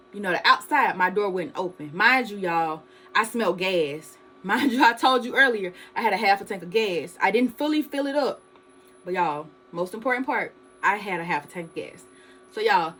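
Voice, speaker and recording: Bright-voiced woman telling a storytime. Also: medium pitch, poor audio. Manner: animated storytelling, addresses viewers as "y'all". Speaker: vlogger. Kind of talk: storytime vlog.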